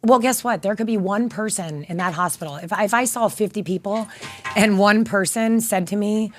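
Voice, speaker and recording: A woman guest in an interview, telling stories in a bubbly, animated way and acting out what people said. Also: mid-range voice, normal speed, soft background music. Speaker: guest, therapy dog volunteer. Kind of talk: casual interview storytelling.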